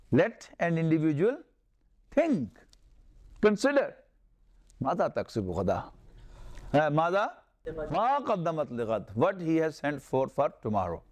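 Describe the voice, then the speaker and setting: A man's voice: fairly high pitch, darkish tone. A man with a Pakistani accent teaching Arabic grammar in a classroom lecture, explaining step by step, repeating terms and reciting verses.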